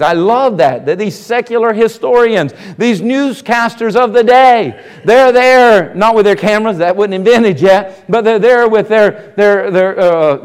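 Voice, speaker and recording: A middle-aged man preaching a sermon as pastor, animated and mocking skeptics in put-on voices. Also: sits high, clear, resonant tone. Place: church sanctuary. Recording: long reverb of a church hall.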